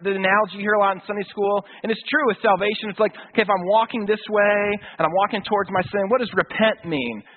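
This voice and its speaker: Tinny-sounding high-voiced male preacher. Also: slightly rough. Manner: casual, conversational preaching with slang and acted-out quotes. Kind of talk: sermon.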